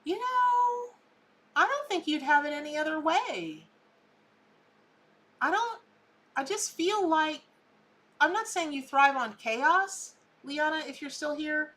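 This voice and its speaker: Lady doing live tarot, chatty and emphatic, bright crisp voice. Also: high-pitched, expressive, takes it slowly, long pauses. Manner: chatty and emphatic, repeats words for effect. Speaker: tarot reader hosting a live stream. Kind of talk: casual live psychic reading.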